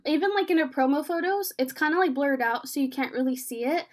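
A fast-talking young woman with a high, light voice chats with a friend about a TV episode for their podcast. She retells it excitedly with lots of fillers, voicing each character's lines as she acts out the scenes.

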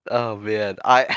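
A man's voice: fairly low pitch, a bit bright, clear, resonant tone, no room sound, highs cut off. A man co-hosting a casual podcast chat, amused and laughing, often restarting his sentences. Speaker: podcast co-host.

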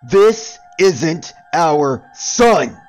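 Raging, stammering young husband, played by the narrator; pitched up and loud over music. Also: male voice, big pitch swings, very slow, full character voice. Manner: yelling, stammering. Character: grief-stricken young husband losing his grip. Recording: background music.

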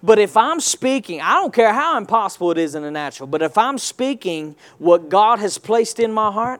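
A man's voice: sits high, big pitch swings, moderate pace, few pauses. A male pastor preaching a sermon, reading scripture and calling on the congregation to answer back. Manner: preaching with call-and-response, rising to loud exclamations.

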